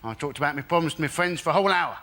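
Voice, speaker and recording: A man doing a stand-up routine with a quick, dry delivery. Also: fairly high pitch, bright, forceful tone. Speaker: comedian.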